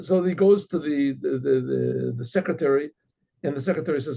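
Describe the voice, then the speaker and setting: A man, a rabbi, telling a story in a halting way, with restarts and frequent throat clearing. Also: a little high, mellow, lo-fi sound. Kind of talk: oral storytelling.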